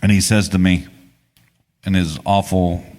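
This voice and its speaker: A man co-hosting a live podcast on a festival stage tells a story to the audience, casual and rambling, restarting often. His deep, slightly mellow voice stays fairly flat in pitch and moves a little slowly, and the live stage recording carries a long hall reverb.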